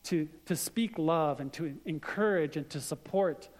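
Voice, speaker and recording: A man's voice: a little high, unhurried. A middle-aged man preaching a sermon in a conversational way, mixing scripture with stories from his family. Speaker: pastor. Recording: long reverb of a hall.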